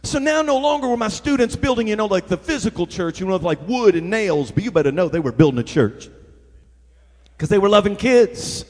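A middle-aged pastor preaches with a fairly high voice, spinning lively stories and pulling the crowd in with call-and-response. His voice rings out with a long reverb, as if it fills a big church hall. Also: a little fast. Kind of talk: sermon. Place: church sanctuary.

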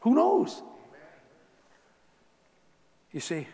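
A man preaching a storytelling sermon, chatty and laughing along, swinging between loud exclamations and hushed near-whispers. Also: very high voice, huge pitch swings, moderate pace, creaky, big-room sound. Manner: conversational, laughs with the crowd.

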